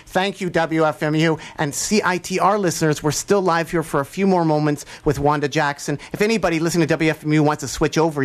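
A man hosting a live radio interview show, talking in an excitable way with sudden jumps in pitch.

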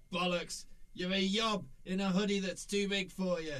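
A man's voice: high-pitched, fairly even intonation, a little slow, a bit bright. A man playing a ninety-year-old stoner grandfather with a British accent, cheeky and dismissive. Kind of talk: sketch comedy acting.

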